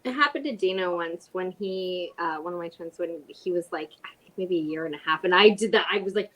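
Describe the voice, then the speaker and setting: A woman's voice: fairly low pitch, fairly quick, few pauses, a bit bright, a little hiss or hum, poor audio. A woman in her thirties chatting casually, telling short offhand stories about her kids. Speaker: stream participant. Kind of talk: casual chat.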